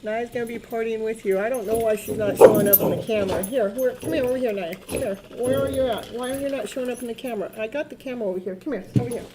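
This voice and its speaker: A woman's voice: a little high, racing, hardly any pauses, crowd noise. A woman giving a casual tarot reading, chatting, laughing often and coaxing her dog. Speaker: tarot reader.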